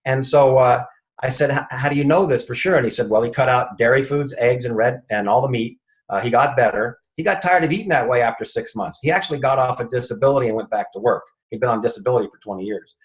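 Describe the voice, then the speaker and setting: A man's voice: medium pitch, quick pace, poor audio. Man telling a patient story. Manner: retells conversations, acting out the quoted speech. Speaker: chiropractor, guest. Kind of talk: anecdotal storytelling in an interview.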